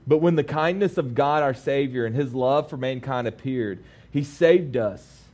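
A man in his thirties preaching a sermon, alternating lively, laughing storytelling with calm scripture reading. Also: medium pitch, moderate pace. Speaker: pastor.

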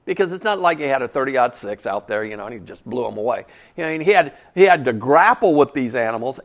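A man's voice: fairly high pitch, a bit bright. A man preaching a sermon in a folksy, conversational way, full of casual asides.

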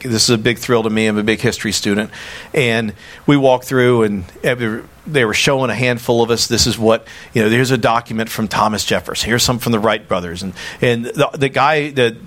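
Excitable Southern man preaching a sermon. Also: medium pitch. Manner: storytelling, excitable, stammering restarts.

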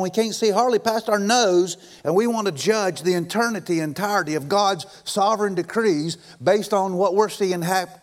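Animated man preaching a sermon. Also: high voice. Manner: conversational, animated, rising loud when voicing God. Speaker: pastor.

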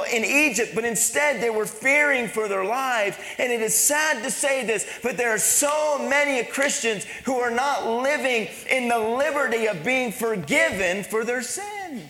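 A man preaching a sermon in a high, bright voice, dropping to hushed, low lines and then rising to emphatic calls. His voice carries through a church sanctuary with a long, echoing reverb. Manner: preaching with dynamic swings between soft and loud. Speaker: pastor. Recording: echoey church hall.

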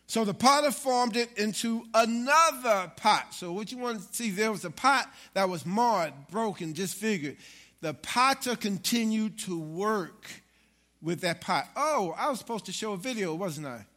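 A man preaching a lively sermon, with asides to his congregation. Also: high voice, normal speed. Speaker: pastor.

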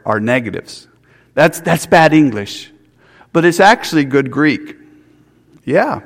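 A man's voice: a little high, long reverb tail. A man preaching a sermon, earnest, with restarts and rhetorical questions. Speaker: pastor.

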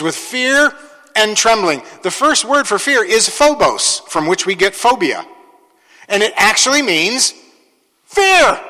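Male pastor, fairly high and forceful voice, emphatic preaching with ironic asides. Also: big-room sound. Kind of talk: sermon.

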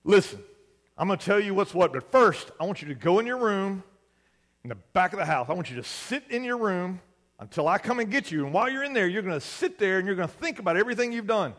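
A man acting out a stern father who gives his son loud, firm orders. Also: high-pitched, animated, very fast, few pauses.

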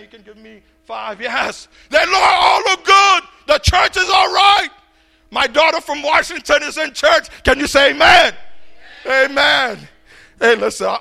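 A middle-aged man preaches to a congregation in a voice pitched very high for a man, with a bright, sharp edge. He surges into shouts and then drops to quiet asides, stammering and repeating words as he goes. A rough, gravelly fry runs under his speech. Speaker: pastor. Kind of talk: sermon. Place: church, before a congregation.

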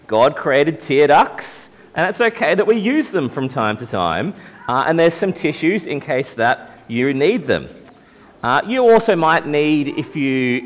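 Gentle man preaching in a hall. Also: on the high side. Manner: gentle, reassuring, conversational with many fillers. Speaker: youth pastor. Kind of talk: sermon to young people. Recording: long hall reverb.

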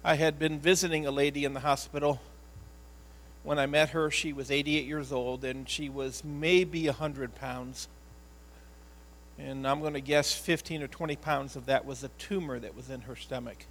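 A man, a pastor, telling a personal story in an earnest, emotional sermon style, often halting and repeating words. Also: medium pitch, steady tone, fairly bright tone, rough recording.

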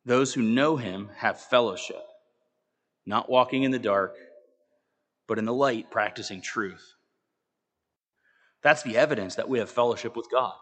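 A man preaches a sermon earnestly and emphatically, addressing the congregation directly with conversational asides. His mid-range voice rises and falls with sudden, dramatic swings between loud and quiet. He speaks a little slowly and pauses often.

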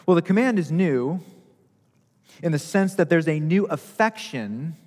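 A man's voice: on the high side, lively intonation, unhurried, big-room sound. A male pastor preaching a sermon, repeating key phrases for emphasis.

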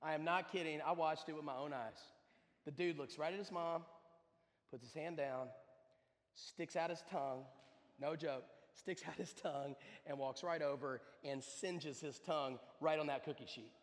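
High-voiced man preaching in echoing hall. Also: normal speed. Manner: conversational storytelling that builds to loud emphatic preaching. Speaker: pastor. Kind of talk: sermon with personal story.

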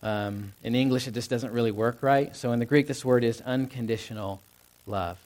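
A young man delivers a sermon as a pastor, talking casually and conversationally rather than formally. His speech is loose, full of fillers and quick asides to the congregation, at a middle pitch for a man. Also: darkish tone.

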